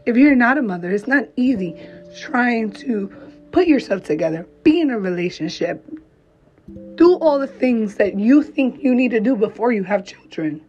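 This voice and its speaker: A woman's voice: on the high side, lively intonation. A young adult woman, a mother, speaking to camera in a heartfelt, blunt, profane and encouraging monologue. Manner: blunt, profane, encouraging, slow emphatic phrasing. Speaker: mom vlogger. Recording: slightly dull lo-fi recording with faint music behind.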